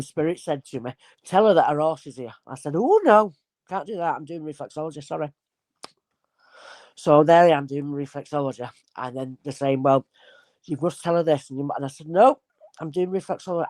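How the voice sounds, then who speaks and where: With a low-sitting voice and no echo, this woman, a spirit medium guest, shares stories in a relaxed conversational way. She's animated and gives voice to the characters in her anecdotes.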